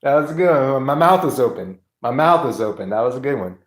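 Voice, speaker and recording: A man's voice: medium pitch, quick pace. A man hosting a livestream, chatting casually and acting out comedy bits he knows by heart. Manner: animated, laughing, reciting comedy bits. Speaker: livestream host. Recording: roomy echo.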